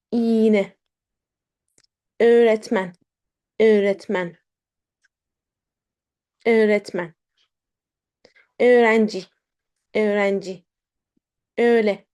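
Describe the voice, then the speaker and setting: A woman teaching a beginner pronunciation lesson, speaking slowly and carefully, repeating words with frequent ums. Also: medium pitch, a little mellow. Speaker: language teacher.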